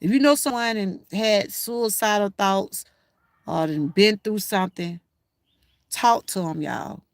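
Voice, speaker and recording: A woman's voice: medium pitch, a little slow, dry recording, clean studio sound. An older woman with a Southern Georgia accent, hosting a casual livestream and talking straight to her viewers in a folksy way. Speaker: livestream host.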